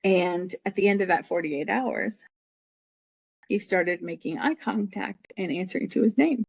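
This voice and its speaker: A woman's voice: medium pitch, unhurried, gravelly, darkish tone, breathy edge. Middle-aged woman rambling through a personal story, dull muffled sound, dry with no room echo. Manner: rambling, acts out quoted people in her story. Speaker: podcast guest.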